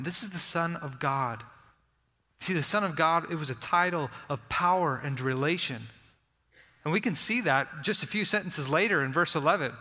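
A man preaching a sermon with earnest emphasis, dropping soft and low on key phrases. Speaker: pastor. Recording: long reverb of a large hall.

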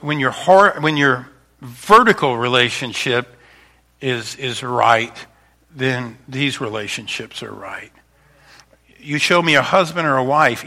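Bright-voiced male pastor preaching conversationally. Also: medium pitch. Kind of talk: sermon.

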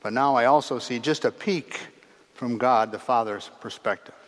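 A man preaching a sermon in a measured, earnest way, pausing between phrases and letting his voice drop at the ends of sentences. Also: medium pitch. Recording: long reverb of a large hall.

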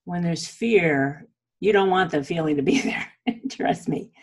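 A woman with a husky, slightly breathy voice explains a self-help practice in a relaxed, conversational teaching style. She sprinkles in "like" and "okay?" as she goes, encouraging the listener and openly sharing her own pitfalls. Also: on the low side, unhurried. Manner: chatty, frequent "like" and "okay?" check-ins; encouraging, candid about own struggles. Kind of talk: casual spoken teaching.

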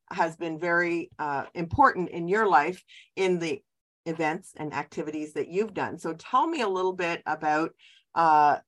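Lower-voiced woman hosting a chat podcast. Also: fairly bright tone. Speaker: podcast host. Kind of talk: casual interview chat.

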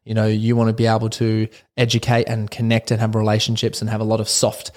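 A man, hosting a casual solo podcast as a personal development coach, talking in an excitable, rambling way with restarts and laughs. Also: lowish voice, fast talker.

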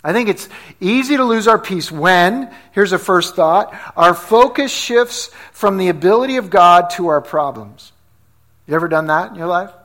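A man's voice: high voice, expressive, normal speed, a bit bright. A man preaching a sermon as pastor, talking conversationally, asking the congregation questions and telling stories with energy.

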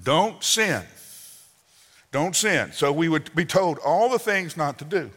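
A man in his sixties preaching a sermon, telling folksy family stories with sudden loud outbursts and soft asides. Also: a little high, expressive, slow pace. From Southern United States. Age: 60s. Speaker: pastor. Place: church sanctuary. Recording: long hall reverb.

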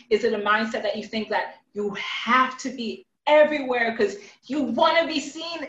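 A woman as a podcast guest, answering in a lively way and laughing often between her points. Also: a little high. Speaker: podcast guest, content strategist. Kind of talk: casual interview chat. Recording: roomy, slightly dull sound.

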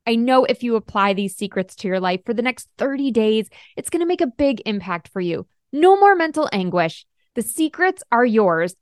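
A middle-aged woman hosting a coaching podcast, upbeat and emphatic, slowing down to stress key points. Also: on the high side, no room sound, clean studio sound. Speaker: podcast host and life coach. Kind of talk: podcast monologue.

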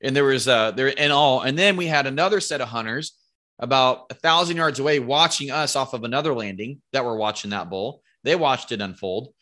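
A man telling hunting stories as a guest in a casual podcast interview, animated and rambling, with free swearing. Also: medium pitch, fairly quick. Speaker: podcast guest, bow hunter.

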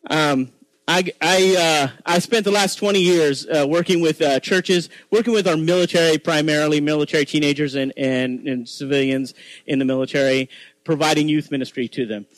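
A man's voice: on the high side, moderate pace, no echo, rough recording. A man in his forties from Texas with a Texan accent, giving an informal, chatty sermon full of self-deprecating asides and restarts. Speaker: guest preacher.

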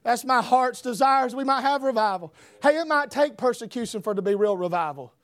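A man preaching a revival sermon, swinging between shouted emphasis and hushed lines. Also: extremely high pitch, animated, fairly quick, no echo.

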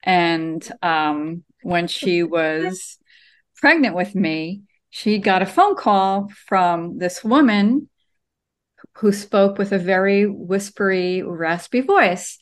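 A woman's voice: fairly low pitch, slow pace. A woman cartoonist, a guest in an interview, telling her story with lots of ums over a video call from her home studio. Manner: animated storyteller, many ums.

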